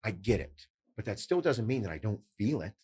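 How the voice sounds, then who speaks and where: A middle-aged man with a low, husky voice talks loosely on his podcast. He gets animated and swears freely, telling stories and acting out what other people said. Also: a little fast. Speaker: podcast host. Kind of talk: casual podcast chat.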